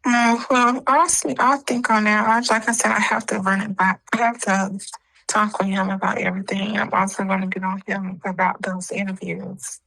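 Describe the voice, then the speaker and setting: A woman's voice: medium pitch, flat delivery, normal speed, vocal fry, sharp tone, poor audio. A woman answering interview questions in a hesitant, casual way, full of fillers. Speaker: interview guest. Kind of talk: casual chat.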